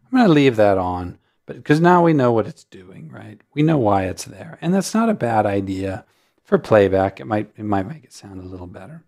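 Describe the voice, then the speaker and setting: A man hosting a music notation software tutorial, explaining settings in a relaxed way with frequent ums. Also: on the low side, normal speed, vocal fry. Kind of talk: screen-recorded software tutorial.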